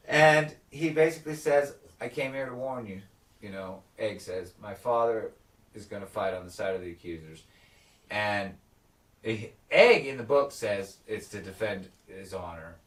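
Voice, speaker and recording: Low-leaning and roomy-sounding, this man's voice reaches a distant mic. He co-hosts a casual podcast going over a TV episode, acting out characters' lines with animation and plenty of swearing.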